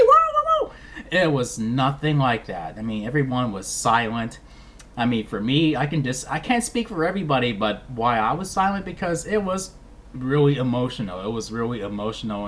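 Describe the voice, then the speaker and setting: A man giving a casual movie review vlog, rambling and animated, with lots of restarts. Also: medium pitch, a little hiss or hum.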